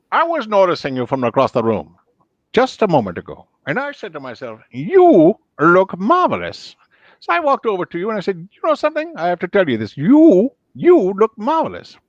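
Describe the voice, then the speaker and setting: Man impersonating a suave showbiz flatterer. Crooning, stretched words, lively. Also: high-pitched, moderate pace, no echo, highs cut off, pitched above the performer's own voice. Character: smooth-talking showman flatterer.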